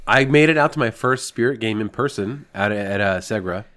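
A man co-hosting a sports podcast in casual chat, slightly hoarse, with a dry, wry humor. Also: lowish voice, fairly quick, fairly bright tone. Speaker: podcast co-host.

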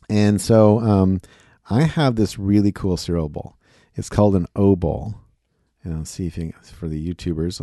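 A man's voice: low voice, mellow, dry recording, clean studio sound. A man hosting a casual solo show, rambling in a playful, self-deprecating way. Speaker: podcast host.

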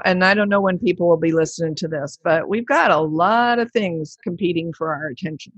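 A woman's voice: fairly low pitch, brisk, few pauses, husky, dry recording, dull audio. A woman hosting an interview podcast, chatty and enthusiastic. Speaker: podcast host. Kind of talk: conversational interview.

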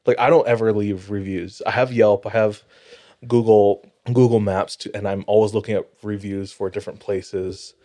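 A man's voice: on the low side, fairly even intonation, normal speed, dark tone. A man co-hosting a podcast, telling stories in casual chat and laughing often. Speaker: podcast co-host.

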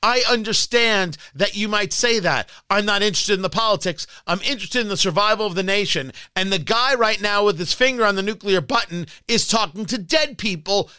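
A man's voice: high-pitched, fairly quick, hardly any pauses, bright, forceful tone, clear, resonant tone, no room sound. A man hosting a political talk show, ranting in a combative, scornful opinion monologue.

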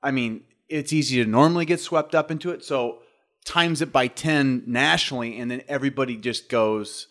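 A man, a former football player, explaining his views as a guest on a sports podcast in a measured way. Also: mid-range voice, a bit bright. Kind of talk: casual sports talk.

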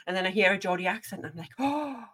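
A woman's voice: mid-range voice, lively intonation, quick pace, husky. A woman with a Northumbrian accent hosting a chatty podcast, laughing easily as she talks. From Ashington area, Northumberland. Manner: laughs often, warm friendly chat. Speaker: podcast host. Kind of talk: casual chat.

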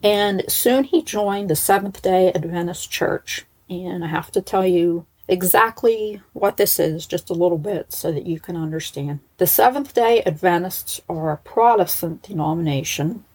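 A woman narrates in a loose, conversational way and keeps breaking off for wry personal asides. Her voice is a little husky and sits on the low side. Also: darkish tone, low-quality recording. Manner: chatty, aside-prone, wry. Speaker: storyteller. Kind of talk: casual narration.

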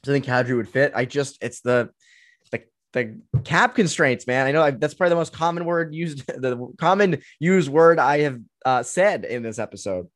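An animated man in his twenties, medium in pitch and speaking at a normal pace, hosts a sports podcast and loosely thinks aloud about hockey teams, with lots of fillers. The clean studio recording has no room sound.

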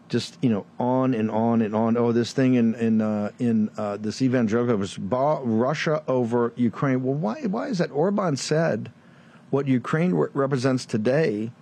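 Speaking in a warm, mid-range voice, a Virginia-born man hosts a show, launching into a combative political monologue. He leans on rhetorical questions and mocking asides throughout.

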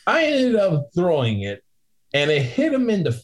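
A man telling a story from his work as a bouncer in casual chat, acting out both sides with lively shifts in voice. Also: high voice, moderate pace, poor audio. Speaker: guest bouncer.

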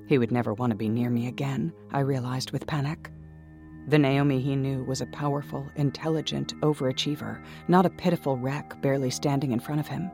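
A man's voice: mid-range voice, fairly even intonation, fairly quick, creaky, darkish tone, soft background music. A man reading a first-person story aloud in a dramatic, intense way, sometimes dropping to a whisper. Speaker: narrator. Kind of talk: first-person audiobook narration.

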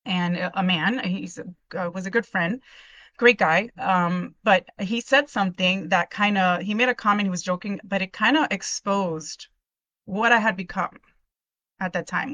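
A woman's voice: mid-range voice, sharp tone, dry recording. A middle-aged woman giving an earnest, emotional personal testimony on a live video call, with many restarts. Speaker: podcast host sharing her testimony.

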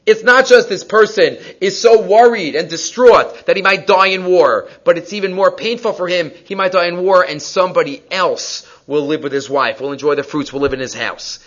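A man's voice: high voice, normal speed, hardly any pauses. A man giving a weekly Torah portion class, telling stories and asking rhetorical questions, with Hebrew and Yiddish terms mixed into his English. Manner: animated storytelling, rhetorical questions. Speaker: Torah teacher. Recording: dull lo-fi recording.

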